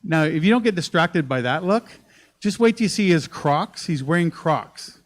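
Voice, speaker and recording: A man performs stand-up on a comedy club stage, rambling through a profane, animated story. His voice sits a little high for a man and comes through a handheld stage mic. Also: normal speed. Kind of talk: live stand-up set.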